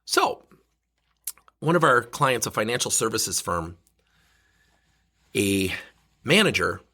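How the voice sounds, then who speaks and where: A man's voice: on the low side, very animated, measured pace, sharp tone. A man who is a leadership coach, telling a self-mocking story in a solo podcast monologue.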